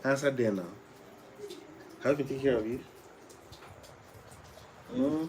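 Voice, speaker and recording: A man's voice: medium pitch, wildly swooping pitch, measured pace, creaky, darkish tone, slight background noise, poor audio. A man chatting casually on a live stream, playfully coaxing his son and greeting viewers, often repeating himself.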